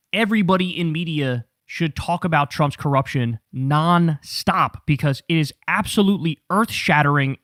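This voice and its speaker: A man hosting a political talk show, giving animated, profane commentary and mocking the people he talks about. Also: on the high side, no room sound, clean studio sound. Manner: profane, mocking and animated, laughing at his targets.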